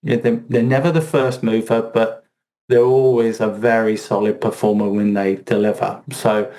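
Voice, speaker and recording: A man's voice: on the low side, little pitch movement, normal speed, dark tone. A man speaking as a podcast guest, rambling with lots of fillers and restarts. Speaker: podcast guest, SEO expert. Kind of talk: casual conversational interview.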